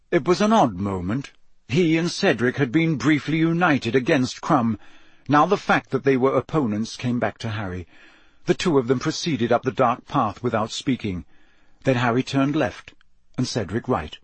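A man's voice: medium pitch, breathy edge, no room sound. A man reading an audiobook aloud, with tense, dramatic storytelling. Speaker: narrator.

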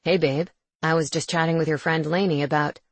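A woman voicing a laid-back young college jock, speaking low and easygoing. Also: steady tone, brisk, dry recording. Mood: puzzled.

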